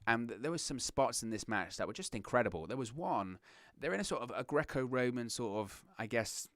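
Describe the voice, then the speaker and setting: A young man hosting a wrestling reaction show, chatting casually with lots of restarts and animated asides. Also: mid-range voice, fairly quick, no echo, studio quality. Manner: rambling, animated, self-interrupting with restarts. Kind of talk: casual solo commentary.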